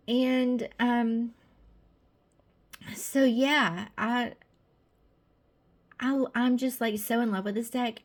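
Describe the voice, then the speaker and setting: A Southern American woman talks in a casual, gushing way, full of fillers and small restarts. Her voice sits on the high side, and she speaks at a slow, unhurried pace. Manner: chatty, gushing, many fillers. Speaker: tarot deck creator. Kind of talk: casual video presentation.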